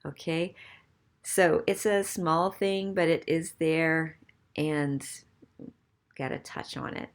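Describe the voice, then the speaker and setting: A woman's voice: low-pitched, takes it slowly, long pauses. Patient woman teaching a grammar lesson. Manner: patient, explains step by step with frequent "okay?". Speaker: French teacher.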